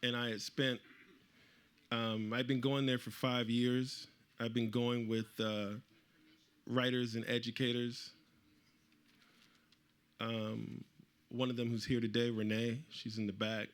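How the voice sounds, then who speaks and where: A middle-aged man speaking at a live event, telling a personal story to the audience with animated delivery and acting out the voices of the people he quotes. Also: mid-range voice, takes it slowly, pauses often, clean tone. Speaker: author speaking at a book event.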